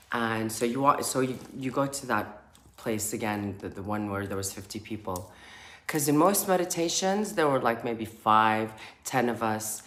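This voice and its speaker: A woman who works as a spiritual healer, telling a casual story to camera and acting out the sounds and laughter as she goes. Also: very deep voice. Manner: animated, acts out sounds and laughter. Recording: echoey room with faint noise.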